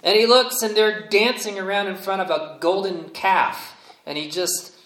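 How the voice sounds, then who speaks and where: A male pastor preaching a sermon, telling the story in a relaxed, humorous, conversational way. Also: high-pitched, normal speed, reverberant, low-quality recording.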